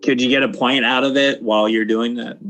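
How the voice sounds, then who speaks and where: A man's voice: medium pitch, fairly even intonation, a little fast, a bit bright. A man playing a tabletop game, matter-of-fact with dry humor. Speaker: player.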